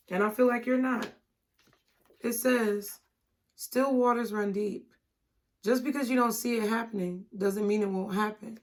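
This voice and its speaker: A woman giving a tarot reading and speaking straight to her viewers in an encouraging way. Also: mid-range voice. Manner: encouraging, direct address to viewers. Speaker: tarot reader.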